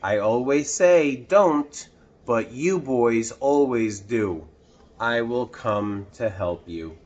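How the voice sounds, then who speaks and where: A man voicing a wise older fish expert in a storybook, gently scolding. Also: medium pitch, expressive, takes it slowly, lo-fi sound.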